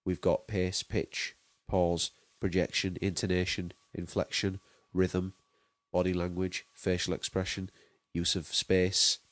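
A man explaining a marking scheme as a drama teacher, measured and listing terms one by one. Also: deep voice, completely flat delivery, dry recording. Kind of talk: explanatory lesson.

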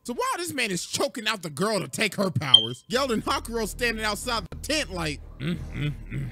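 A man's voice: sits high, a little fast. A man who hosts a reaction channel, retelling anime scenes in a crude, joking way. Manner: crude, animated storytelling. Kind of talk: comedic anime recap with voiced dubs. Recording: background music under the voice.

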